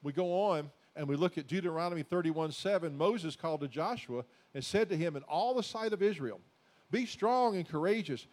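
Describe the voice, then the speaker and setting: A man preaching a sermon as pastor, exhorting his congregation in a folksy, repetitive way that builds to loud emphatic declarations. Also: a little high.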